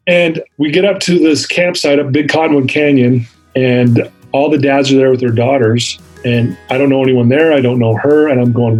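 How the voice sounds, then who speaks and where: A middle-aged man tells a personal story as a podcast guest, his voice slightly husky at an ordinary pitch. He animates the tale by acting out the people he quotes. Faint music plays underneath. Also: steady tone, fairly quick, a little mellow, rough recording. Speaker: interview guest.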